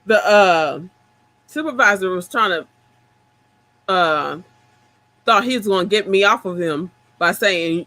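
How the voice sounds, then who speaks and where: A woman co-hosting a casual chat, telling stories in an animated way and acting out the dialogue. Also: mid-range voice, a little slow, pauses often, low-quality recording.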